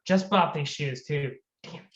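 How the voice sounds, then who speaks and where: A player in a tabletop game, answering in a wry, deadpan way. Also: mid-range voice, unhurried, reverberant, highs cut off. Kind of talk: casual role-play.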